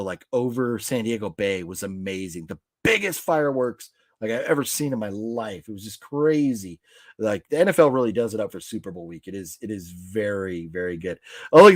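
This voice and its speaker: A man's voice: mid-range voice, no room sound, studio quality. A man hosting a casual live stream, rambling and reacting to viewer comments with lots of fillers and restarts. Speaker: host reading live chat.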